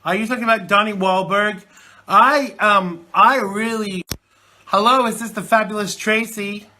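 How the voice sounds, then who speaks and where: This British-based host has a high-sitting, sharp voice with a steady tone and a slightly slow delivery. Nursing a chesty cold, he chats and rambles through his live internet talk show, using lots of fillers.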